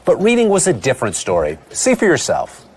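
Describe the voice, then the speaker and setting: Male radio host, wry joking recap delivery, animated pitch. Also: fairly quick, slight background noise. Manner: wry, joking lines delivered between clips. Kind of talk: scripted recap narration with banter.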